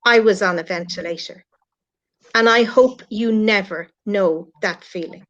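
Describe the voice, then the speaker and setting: A woman's voice: medium pitch, unhurried, a bit bright. A middle-aged woman with an Irish accent, speaking earnestly and from the heart as a guest on a live stream. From Ireland. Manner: earnest, heartfelt, addresses critics directly. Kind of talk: emotional live-stream chat. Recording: lo-fi online stream audio.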